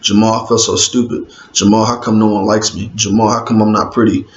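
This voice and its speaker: Storybook brat, drunk young woman, whiny and pouty, read by a man in his own lowish voice, roomy lo-fi recording. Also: little pitch movement, brisk, close to an everyday voice. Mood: pleading. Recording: roomy, dull lo-fi with faint hiss.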